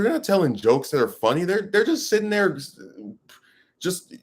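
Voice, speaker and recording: A man's voice: sits high, big pitch swings, moderate pace, slightly rough. A man giving ranting commentary to his audience, emphatic and rambling, with many restarts.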